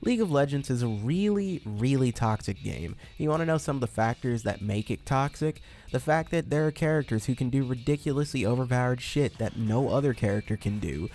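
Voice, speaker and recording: A man hosting a commentary video in a sarcastic, deadpan way, with dry asides. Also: medium pitch, brisk, hardly any pauses. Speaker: YouTube commentator.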